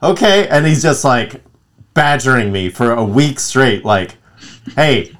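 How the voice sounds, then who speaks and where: A man's voice: mid-range voice, unhurried. A man in his thirties chatting casually as a podcast co-host, telling stories animatedly and acting out what others said. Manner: animated storyteller, acts out quotes. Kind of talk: casual chat.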